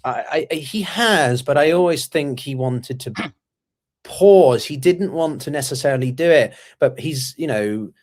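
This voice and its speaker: A man speaking as a guest analyst in a conversational way, measured but full of ums and restarts. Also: on the high side, expressive, a little mellow. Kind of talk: conversational commentary.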